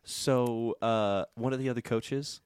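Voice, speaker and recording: A man's voice: medium pitch, steady tone, measured pace, darkish tone, clear, resonant tone, no echo. A young man co-hosting a podcast, chatting casually in a bantering, reluctant way and swearing freely. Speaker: podcast co-host. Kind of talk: casual chat.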